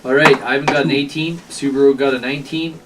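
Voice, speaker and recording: A man running a tabletop game as game master, narrating with many pauses and restarts. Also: medium pitch, steady tone, far from the mic, very noisy. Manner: hesitant, many fillers and restarts. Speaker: dungeon master.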